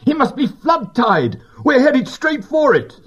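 A man voicing a steady older male squirrel who talks brisk and matter-of-fact. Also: very high-pitched, breathy edge, voice pushed up, exaggerated voice. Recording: dull lo-fi recording.

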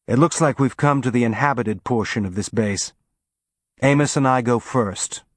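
A man playing a spaceship captain giving brisk orders during a raid. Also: mid-range voice, no room sound, clean studio sound, lightly acted. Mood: commanding. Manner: brisk, commanding.

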